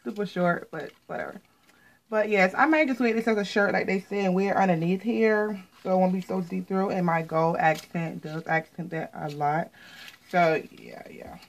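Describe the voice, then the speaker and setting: A woman's voice: on the low side, steady tone, normal speed, poor audio. An American woman chatting casually to viewers as she shows off her latest clothing haul, repeating words and often saying "you guys.". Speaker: fashion vlogger.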